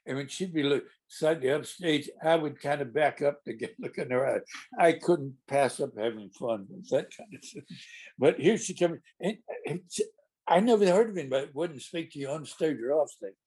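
A man's voice: on the high side, expressive, moderate pace, a little mellow, breathy edge. Older man rambling through an anecdote. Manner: rambling, amused, frequent restarts. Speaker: stage actor. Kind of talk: casual anecdotal storytelling.

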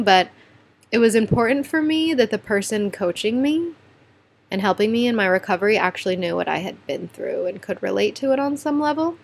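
A young woman with a mid-range voice talks candidly to her viewers in a personal vlog. She is chatty and animated, now and then dropping to soft, quiet asides. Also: mid-range voice. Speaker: vlogger.

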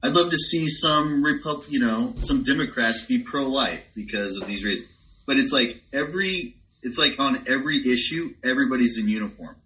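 Brief: thoughtful man, casual chat, bright voice, muffled lo-fi sound. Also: medium pitch, normal speed. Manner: reflective, agreeable, many fillers. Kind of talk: casual conversation.

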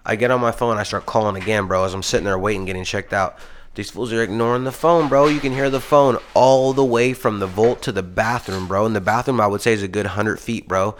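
A man's voice: lowish voice, steady tone, a little fast, slight background noise. A young man co-hosting a casual podcast, telling a heated rambling story full of swearing. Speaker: podcast co-host.

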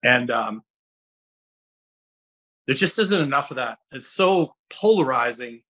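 A middle-aged fitness coach, sitting in as guest host on a casual podcast, tells stories with bright, lively energy in a medium-pitched voice and an unhurried pace. He rambles, restarts sentences, and keeps acting out other people's voices, yet his tone stays forceful and clear.

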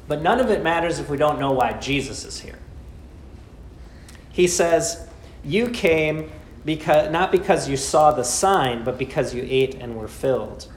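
A man preaches a sermon in a fairly high voice, posing rhetorical questions and leaning on dramatic pauses. His voice rings through an echoey room over a faint background hum.

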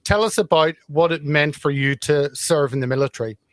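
A man hosting a podcast interview, asking polite, slightly halting questions with "um" fillers. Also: a little high, no room sound. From United Kingdom. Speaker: podcast host.

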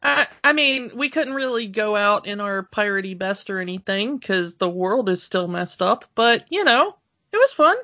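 A young adult woman co-hosting a podcast in casual chat, quick with agreeable interjections. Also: medium pitch, lively intonation, pushed and bright, dry recording, muffled recording. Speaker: podcast co-host.

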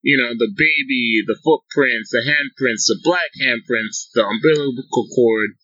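Bright-voiced man hosting a game chat. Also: medium pitch, unhurried, no room sound. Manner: excitable, repeats words when starting sentences. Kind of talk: casual game discussion chat. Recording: slightly dull, dry lo-fi recording.

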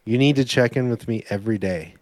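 A man's voice: medium pitch, fast, a little mellow, no room sound, studio quality. A man co-hosting a casual podcast, teasing his partner and swearing bluntly. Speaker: co-host.

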